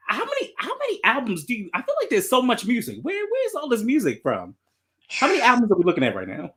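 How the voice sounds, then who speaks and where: A podcast host in casual chat, talking in an animated, emphatic and ranting way. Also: mid-range voice, quick pace.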